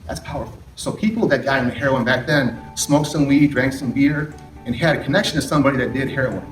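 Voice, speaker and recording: A middle-aged therapist gives a candid talk on addiction recovery, frequently posing questions to the audience and tossing in sarcastic asides. He speaks at a quick pace in a medium-pitched voice over soft background music. The roomy hall is picked up from a distance.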